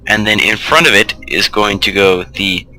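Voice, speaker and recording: A man's voice: fairly low pitch, normal speed, pushed and bright, a little hiss or hum, low-quality recording. A man hosting a let's play, giving loose, rambling gameplay commentary full of asides.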